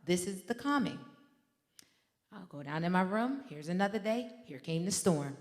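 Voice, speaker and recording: A woman's voice: fairly low pitch, animated, moderate pace, darkish tone. A woman minister preaching a sermon in a fervent, conversational way, breaking into personal stories and addressing the congregation directly. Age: adult with a teenage son. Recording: long hall reverb.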